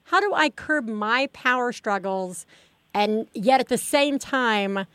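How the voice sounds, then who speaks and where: A woman with a slightly high voice co-hosts a casual podcast chat, asking questions in a halting, self-deprecating way. The sound is dry and close. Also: expressive, fairly bright tone, dry recording. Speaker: podcast co-host.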